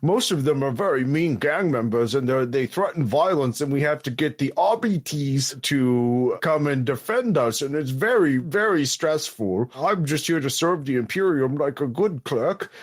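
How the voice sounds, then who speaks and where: A man's voice: a little high, lively intonation, moderate pace, few pauses, voice pushed up. A man voicing a timid, rambling male clerk in a tabletop role-play, with a put-on accent and a nervous, chatty manner. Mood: nervous chatter.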